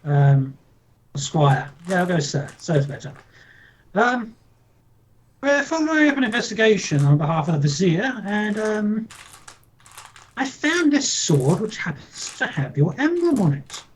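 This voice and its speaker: A man's voice: high-pitched, very animated, unhurried, long pauses, breathy edge. A man playing in a tabletop game, chatting casually and speaking politely but hesitantly with ums when in character. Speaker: player.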